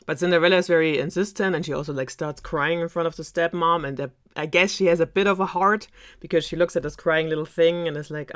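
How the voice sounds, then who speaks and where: A woman's voice: low voice, fairly even intonation, fast. A young woman from Germany with a German accent, casually retelling a fairytale with lots of fillers and sarcasm. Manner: rambling, filler-heavy, lots of "like" and "um". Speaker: storyteller.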